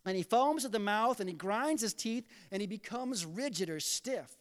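A man delivers a sermon in a church sanctuary, acting out scripture scenes with animated storytelling. His voice sits high. The sound trails off in a long hall reverb. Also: normal speed. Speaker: pastor.

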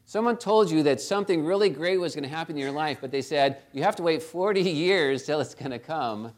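A man's voice: on the high side, animated, brisk. A middle-aged man preaching a conversational sermon, often checking in with "right?" and acting out the quotes he tells. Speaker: pastor.

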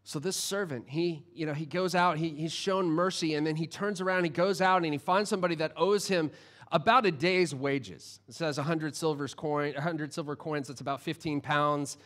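A male pastor preaches a sermon in a fairly high voice. He retells a parable earnestly, often stopping and restarting mid-thought. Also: moderate pace, fairly bright tone.

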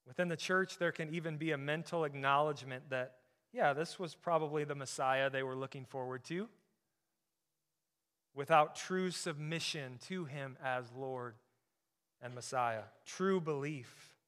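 A man preaching a sermon as pastor, emphatic, often dropping to a soft, intense tone on key points. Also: on the high side, moderate pace, clear, resonant tone.

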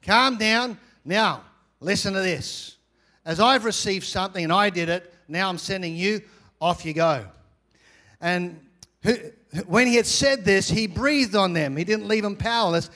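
A man preaching a sermon as pastor, energetic, with repeated phrases and swings between loud and quiet. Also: high voice, unhurried.

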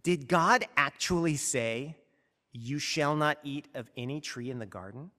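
A man's voice: fairly high pitch, a little slow, bright, forceful tone, long reverb tail, pitched below the performer's own voice. A man voicing a sly, contemptuous male serpent who asks sneering, eye-rolling questions.

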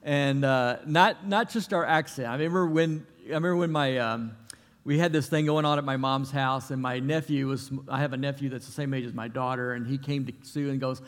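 Folksy pastor in a reverberant hall. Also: male voice, fairly high pitch, a little fast, fairly bright tone. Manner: folksy, conversational, with many restarts. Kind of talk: sermon with prayer and storytelling. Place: church.

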